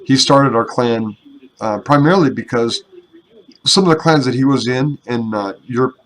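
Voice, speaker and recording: A man's voice: medium pitch, normal speed, fairly bright tone, low-quality recording. A young man casually commenting over gameplay, rambling and self-deprecating, with casual swearing, speaking into a headset at his computer. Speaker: gaming YouTuber and clan member.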